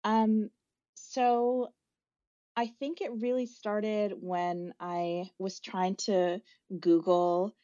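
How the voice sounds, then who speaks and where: A woman's voice: mid-range voice, flat delivery, drawn-out words, mellow, no echo. Thoughtful woman guest, dull lo-fi audio. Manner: thoughtful, searching for words, with fillers. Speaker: podcast guest. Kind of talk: reflective conversational storytelling.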